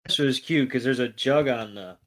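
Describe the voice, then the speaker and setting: A man's voice: mid-range voice, moderate pace. A man co-hosting a podcast, recapping an episode loosely with plenty of fillers. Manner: rambling, loose delivery with many fillers. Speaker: podcast co-host.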